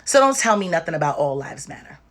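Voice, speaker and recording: A woman's voice: deep voice, very animated, fast talker. Tearful, emphatic woman on a livestream. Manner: emphatic, repetitive, direct. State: tearful and exhausted. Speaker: livestream host. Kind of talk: impassioned livestream talk.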